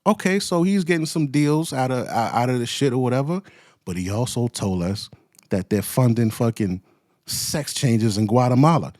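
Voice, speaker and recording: A man's voice: mid-range voice, expressive, moderate pace, darkish tone, no echo, clean studio sound. Heated, profane man ranting. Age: adult with children. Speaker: commentary host. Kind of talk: ranting commentary.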